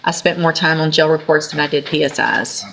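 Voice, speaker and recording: A woman judge speaks in a fairly low voice. She is stern and commanding, reading out formal charges and scolding the defendant. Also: fairly even intonation, a little fast, gravelly, fairly bright tone, a little hiss or hum. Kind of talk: courtroom proceedings.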